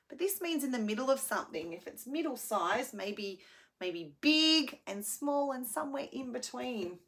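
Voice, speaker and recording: A woman speech pathologist retelling a children's story with slow, simplified, expressive speech and key word signs. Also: medium pitch.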